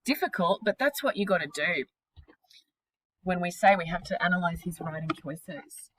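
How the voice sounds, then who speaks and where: A woman teaching a literature class, energetic and questioning, with casual slang. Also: fairly low pitch, moderate pace, low-quality recording.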